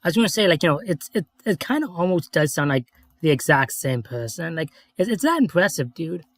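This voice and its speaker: A man's voice: on the high side, big pitch swings, fairly quick, no echo, clean studio sound. A man in his twenties chatting eagerly on a livestream, peppering his talk with "dude" and "like". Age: 20s. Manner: eager, friendly, says "dude" and "like" often. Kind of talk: casual livestream chat.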